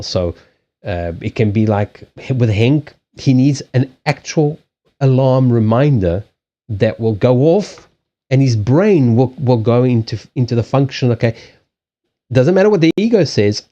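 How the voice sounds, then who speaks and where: Male stream host, rambling and animated, mellow tone, dull lo-fi sound. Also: medium pitch. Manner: rambling, swearing, laughing, with frequent restarts. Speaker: livestream host and card reader. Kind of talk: casual live-stream chat.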